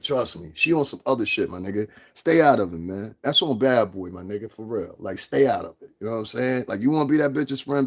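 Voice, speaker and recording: Man ranting on a stream, swears constantly, husky gravelly voice, keeps laughing. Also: mid-range voice. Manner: profane, confrontational, laughs often. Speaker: livestream host. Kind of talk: casual livestream rant.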